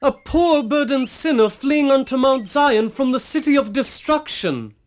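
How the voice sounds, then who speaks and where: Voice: high voice, expressive, a little slow. A performer voicing a humble, burdened male pilgrim who speaks earnestly in old-fashioned formal English in a radio drama. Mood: pleading.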